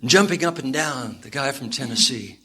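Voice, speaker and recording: A male minister preaching a sermon to a congregation with animated storytelling and emphatic repetition. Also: mid-range voice, normal speed, breathy edge. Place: church with congregation.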